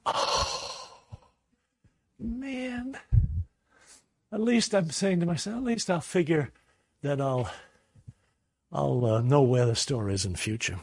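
A man preaching a sermon, telling a personal story in a lively way and acting out the voices in it. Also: on the high side, measured pace, long pauses, no echo. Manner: animated storyteller, acts out voices.

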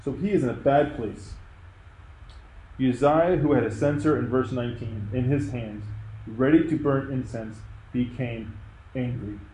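A man's voice: mid-range voice, measured pace, mellow, reverberant, slight background noise, poor audio. A man preaching a sermon, earnest and emphatic in a conversational way. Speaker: pastor. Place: church.

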